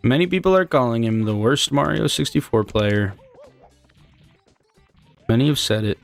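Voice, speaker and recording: A man's voice: medium pitch, expressive, normal speed, creaky, faint music behind. A young man chatting loosely with his live chat while speedrunning, rambling and joking and swearing casually as he reads messages. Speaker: streamer.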